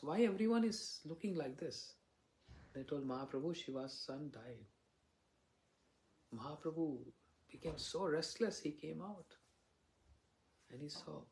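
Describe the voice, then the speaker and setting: A man's voice: a little high, darkish tone. Man giving a devotional talk. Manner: storytelling, asks listeners rhetorical questions. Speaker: visiting monk preacher. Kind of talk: devotional lecture.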